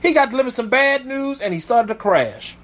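A man's voice: very high-pitched, animated, fairly quick, a bit bright. A man preaching as a pastor, reading Bible verses aloud and breaking off to comment with emphatic asides. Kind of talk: sermon with scripture reading.

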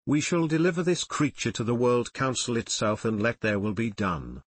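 In this audiobook, a stern elder council leader, as a man reads him, passes judgement in a cold, scornful and measured way. His husky voice sits a touch low and is recorded close and dry, with no room around it. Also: expressive, dry recording. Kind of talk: audiobook character reading.

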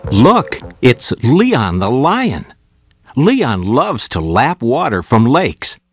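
A man reading children's phonics stories slowly and expressively, acting out the letter sounds. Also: medium pitch, faint music behind. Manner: slow, very expressive storybook reading with sound demonstrations. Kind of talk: scripted narration for children.

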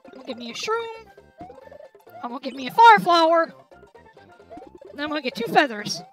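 A young woman, tipsy from drinking, commenting loudly on a game she is playing, swearing and yelling at it as she goes. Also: high-pitched, sing-song, fairly quick, faint music behind, rough recording. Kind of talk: let's play commentary while drinking.

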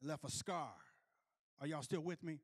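A man's voice: on the high side, normal speed. A male preacher telling a story in a sermon, often restarting phrases and calling out to the congregation. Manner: repetitive restarts, calls out to the congregation.

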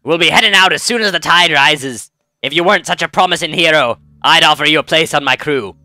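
A man's voice: a little high, brisk, pushed and bright, no room sound. A man putting on the voice of a boastful male pirate ship captain, drawling with an exaggerated "arr". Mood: boisterous.

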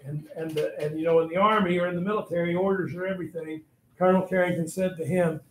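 A man's voice: sits high, steady tone, fast. A male history teacher telling a story to his class in a dramatic, blunt manner and speaking straight to the students, recorded in an echoey classroom. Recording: echoey classroom, faint noise.

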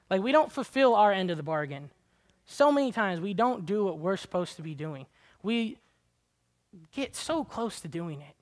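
A man's voice: animated, moderate pace. Chatty preacher man, casual sermon. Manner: casual and chatty, full of "like" fillers; swings from low, quiet asides to loud, high-pitched exhortation. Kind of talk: conversational sermon.

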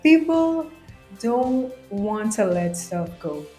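A woman co-hosting a vlog, giving her calm, reflective view. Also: on the high side, slow pace, faint music behind. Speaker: co-host. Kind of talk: casual commentary. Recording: roomy echo.

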